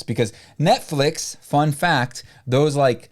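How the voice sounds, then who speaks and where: A man's voice: slow, hardly any pauses. A man co-hosting a casual podcast-style chat, rambling with lots of fillers. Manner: rambling, filler-heavy, lively pitch swings. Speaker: podcast co-host.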